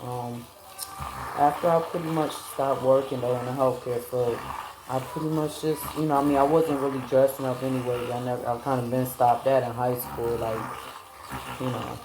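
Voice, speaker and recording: A woman's voice: rumbling low, fairly even intonation, moderate pace. Sleepy mom vlogging in her kitchen, lots of um and y'all, echoey room, noisy background. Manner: rambling, talks to viewers as y'all, lots of fillers. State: tired, yawning. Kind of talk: casual chat. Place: home kitchen.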